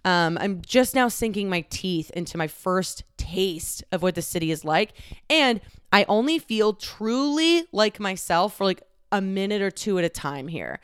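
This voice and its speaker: A woman's voice: medium pitch, expressive, measured pace, smooth, dry recording, clean studio sound. A woman in her twenties from the Dallas-Fort Worth area, hosting a casual solo podcast and talking candidly with lots of "like" fillers and some swearing. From Dallas-Fort Worth area, Texas. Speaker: podcast host. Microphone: close studio microphone.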